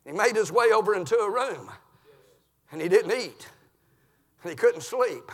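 A man preaching an impassioned sermon in a church, dropping to low murmurs and climbing to shouted peaks. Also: lively intonation, normal speed, big-room sound.

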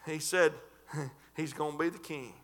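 A man preaching a sermon in a fervent, folksy way, stretching and shouting scripture lines. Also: on the high side, steady tone, measured pace. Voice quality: folksy, colloquial.

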